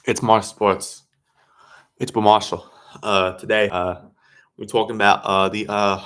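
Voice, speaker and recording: A man hosting a casual sports livestream, talking in a rambling, halting way and correcting himself often. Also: lowish voice, little pitch movement, a bit bright. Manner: rambling, halting, self-correcting with many fillers. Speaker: sports stream host.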